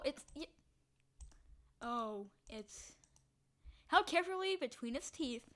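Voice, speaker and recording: A woman playing a text adventure, reading the story aloud in a hushed voice and breaking into loud, excited reactions. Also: high voice, slow pace, long pauses. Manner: reads narration quietly, bursts into loud excited reactions. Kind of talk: casual let's-play narration.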